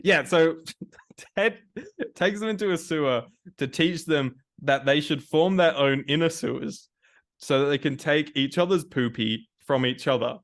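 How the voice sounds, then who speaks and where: A man's voice: on the high side, measured pace. A man with an Australian accent chatting casually as a podcast co-host, rambling and slangy with some mild swearing. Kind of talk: casual recap chat.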